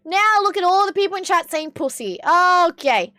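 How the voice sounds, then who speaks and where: A young woman from Australia streaming casually with a hoarse, strained voice, chatting, swearing and reading chat aloud. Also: high-pitched, big pitch swings, fast talker, hardly any pauses, fairly bright tone, dry recording, clean studio sound. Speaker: livestreamer.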